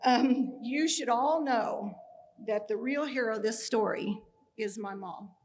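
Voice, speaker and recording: A woman's voice: fairly high pitch, measured pace, a little mellow, slight background noise. A middle-aged woman from Kansas giving a personal tribute speech, full of humorous stories with acted-out dialogue. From Kansas, USA. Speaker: speaker at a tribute ceremony.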